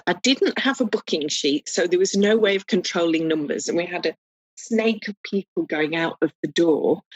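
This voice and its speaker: A woman, a podcast guest, telling lively and humorous stories in a casual chat. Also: medium pitch, slightly rough, no room sound, highs cut off. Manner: animated, humorous, acts out voices in anecdotes. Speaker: guest foot reader. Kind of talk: casual storytelling interview.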